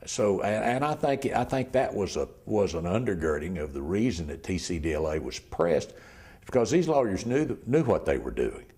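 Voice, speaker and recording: An older man who worked as a criminal defense lawyer tells his story in an oral history interview, halting, repeating words, and often trailing off almost to a whisper. His deep voice is very animated, with a darkish tone and a breathy edge.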